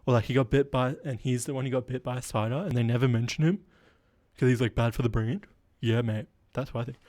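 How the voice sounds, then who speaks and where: A man's voice: medium pitch, steady tone, fast, darkish tone, no room sound. A man hosting a solo comedy podcast, rambling and self-deprecating with lots of fillers and a stuffy nose. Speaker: podcast host.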